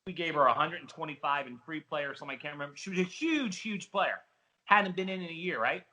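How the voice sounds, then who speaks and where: Jersey guy, middle-aged, excited storyteller, calls you buddy, punchy bright voice. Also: a little high, fast, rough recording. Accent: New Jersey. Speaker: casino host trainer. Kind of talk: animated interview talk.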